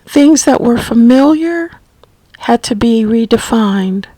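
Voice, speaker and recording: A middle-aged woman telling a personal story about caring for her mother, slow and gently reflective. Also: a little high, animated, no echo, poor audio. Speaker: family caregiver recounting her mother's illness.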